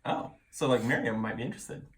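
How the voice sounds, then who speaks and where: Chatty board game player, middle pitch, quick to laugh. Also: big pitch swings.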